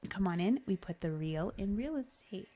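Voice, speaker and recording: A woman co-hosting a casual chat podcast, reading the show's intro in a relaxed, playful way. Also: mid-range voice, normal speed. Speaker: podcast co-host.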